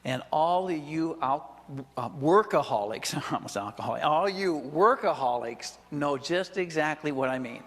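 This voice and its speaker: A man's voice: a little high, expressive, normal speed, a bit bright, big-room sound. A male pastor preaching a sermon, talking conversationally with chuckling asides and questions to the congregation. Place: church sanctuary.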